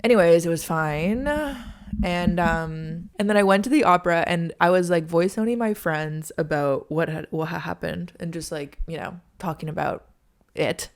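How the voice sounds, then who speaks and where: A young woman hosts her podcast and tells a casual, chatty story, with "like" in every other phrase. Her voice sits a bit low for a woman. Now and then she sinks into a hushed aside before picking the pace back up. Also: moderate pace. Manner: chatty, heavy use of "like", drops to hushed asides. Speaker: podcast host.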